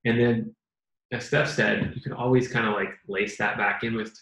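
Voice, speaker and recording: Here a man with a lowish, fairly bright voice keeps his intonation fairly even and his pace moderate. He co-hosts a casual advice chat, earnestly talking things through and playing out quoted lines, and the room has an echo.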